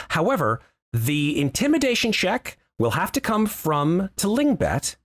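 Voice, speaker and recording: A man narrating a tabletop game as game master, describing scenes with lively, hesitant storytelling. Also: on the high side.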